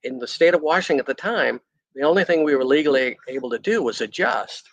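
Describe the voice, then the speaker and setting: A man's voice: fairly high pitch, lively intonation, fast talker, vocal fry, dry recording, low-quality recording. A middle-aged man, a chiropractor, telling his story in a candid, rambling way with frequent restarts. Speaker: chiropractor guest on a podcast. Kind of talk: casual storytelling interview.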